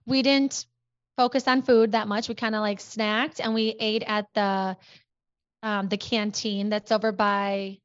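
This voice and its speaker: A woman in her thirties from Minnesota, a podcast guest chatting quickly and animatedly with many "like"s. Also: medium pitch, clean tone, no echo, dull audio. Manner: animated, talks fast with many "like"s. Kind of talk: casual chat.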